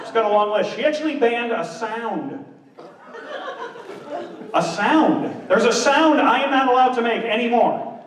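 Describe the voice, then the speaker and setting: High-voiced man doing stand-up in a hall. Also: a little slow, long pauses. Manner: chatty, animated, works the crowd with questions. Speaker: stand-up comedian. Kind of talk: stand-up comedy set. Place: large room on stage before an audience. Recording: roomy hall, distant mic, audience.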